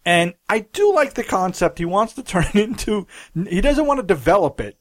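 Lively high-voiced man recapping a movie. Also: moderate pace. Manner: animated storytelling with fillers. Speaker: podcast co-host. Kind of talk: casual movie recap chat.

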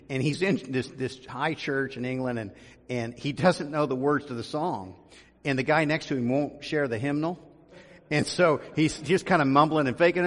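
A man, a pastor, giving a conversational sermon with frequent ums and restarts, building to emphasis. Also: medium pitch. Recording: long reverb of a large room.

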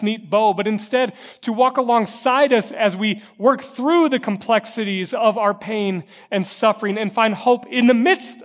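A man's voice: high voice, in a large hall. A man preaching a sermon as a pastor, impassioned, with a rising and falling, repetitive cadence. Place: church sanctuary.

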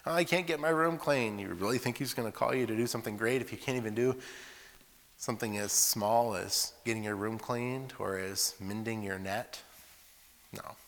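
A man preaching to young people, telling lively stories and asking rhetorical questions. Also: lowish voice, moderate pace, gravelly. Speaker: preacher at a youth school and camp. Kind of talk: sermon with acted voices. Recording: echoey hall reverb.

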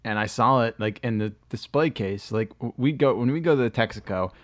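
A man's voice: medium pitch, brisk. A man, co-hosting a podcast and telling rambling, profane stories in casual chat. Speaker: podcast co-host.

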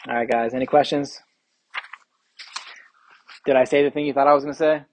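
A man pastor leading an evening Bible study, preaching earnestly and praying, then answering questions from the group in a relaxed way. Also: mid-range voice, no room sound, low-quality recording. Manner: earnest, measured preaching with occasional fillers. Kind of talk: sermon and prayer, then casual Q&A.

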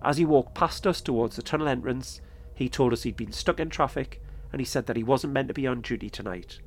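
A man narrating his own podcast episode in a calm, measured storytelling manner. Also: medium pitch, a little hiss or hum. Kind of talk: scripted narration.

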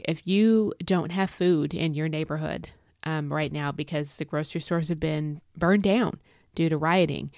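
Earnest woman with a low, dry voice. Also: gravelly, no echo. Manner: earnest, encouraging, repeats key phrases. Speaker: podcast host. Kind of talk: devotional podcast talk.

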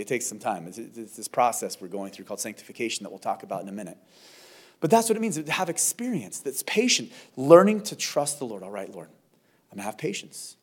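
Earnest pastor with stammered restarts. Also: male voice, on the high side. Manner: earnest, with frequent stammered restarts and swings between loud and soft. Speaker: lead pastor. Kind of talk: verse-by-verse sermon.

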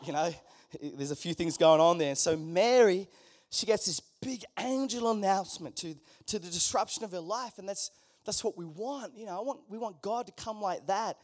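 Animated man preaching. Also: sits high, moderate pace. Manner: animated, acts out characters in quoted voices. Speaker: pastor. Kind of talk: sermon with storytelling. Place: church hall.

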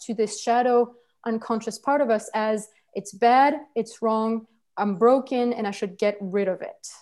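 With a warm tone and fairly high pitch, a woman guides a personal-growth workshop through a teaching talk. Her delivery is earnest but halting, full of fillers and restarts as she looks for words.

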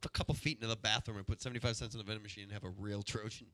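A man who is a regular on a podcast, telling excitable stories and acting out the quotes. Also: on the low side, rapid-fire, no room sound. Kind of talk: casual podcast banter.

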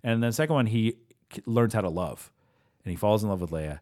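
A man with a somewhat low voice chats casually on a podcast. He tells long, enthusiastic stories, looping back with fillers and restarts as he goes. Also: lively intonation, fairly quick, mellow. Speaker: podcast co-host. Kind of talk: casual chat about films.

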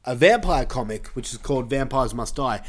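A man on a casual podcast, retelling a movie in a rambling, profane way with quick character voices. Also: mid-range voice, animated. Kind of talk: casual chat.

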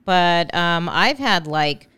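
Woman with a smooth, low voice. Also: lively intonation, slow, a bit bright, no room sound. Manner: rambling dream retelling with many fillers. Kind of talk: casual conversation.

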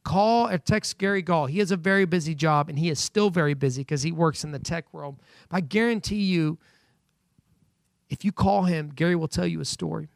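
Man, pastor, gravelly voice, fairly high pitch, dry close sound, earnest sermon. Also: fairly quick, no echo. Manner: earnest, building emphasis on scripture quotes. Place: at home during quarantine.

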